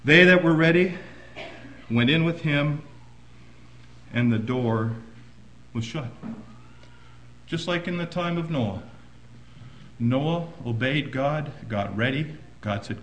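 A man preaching a sermon, swinging between hushed, low passages and loud, emphatic bursts. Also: animated, a little slow, pauses often, roomy sound, a little hiss or hum, rough recording.

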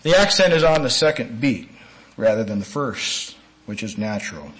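A man preaching a sermon-style lecture, earnest and emphatic, with sudden rises in pitch and volume and some slowed, stressed phrases. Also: big pitch swings, a bit bright, poor audio.

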